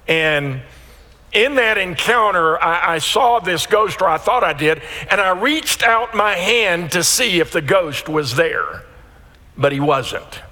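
A man's voice: fairly high pitch, big-room sound. A man preaching a sermon as pastor, telling a story with frequent restarts. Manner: storytelling, animated with repeated restarts.

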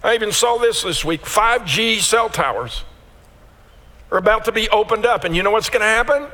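A man preaches in a church sanctuary with a long, ringing reverb trailing behind his words. His voice sits high and bright, and he tells stories with many quick restarts and repeated words. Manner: storytelling, animated with repeated restarts. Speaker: pastor. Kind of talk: sermon.

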